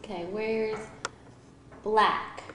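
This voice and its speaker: A woman's voice: mid-range voice, fairly even intonation, extremely slow, a bit bright, reverberant, slight background noise. A woman at home asking her toddler playful, coaxing questions in a casual home video. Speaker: parent.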